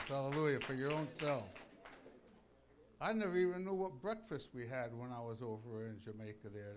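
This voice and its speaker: A man preaching with jokes to a congregation, hoarse from bronchitis, playful and bursting into loud exclamations. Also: medium pitch. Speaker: pastor. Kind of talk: sermon with jokes. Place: church before a congregation.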